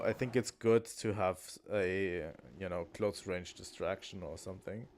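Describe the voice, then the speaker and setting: A man's voice: deep voice, fairly even intonation, unhurried, a little mellow. A man streaming a video game, talking to himself in a loose, thinking-aloud way with frequent ums and restarts. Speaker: gaming streamer. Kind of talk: casual let's-play commentary.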